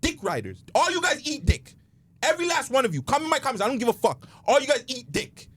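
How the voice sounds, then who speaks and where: Man co-hosting a podcast; scornful, cursing rant, pitch leaping up and down. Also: big pitch swings, fast, a bit bright, breathy edge. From Toronto, Canada. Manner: profane, ranting, scornful. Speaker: podcast co-host. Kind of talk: heated casual podcast rant.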